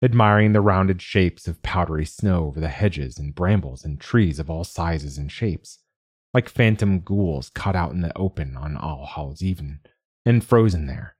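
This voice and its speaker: A man narrates a fantasy audiobook in a measured, storytelling manner. His voice is low and husky. He reads steadily from a script. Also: a little mellow, dry recording, studio quality.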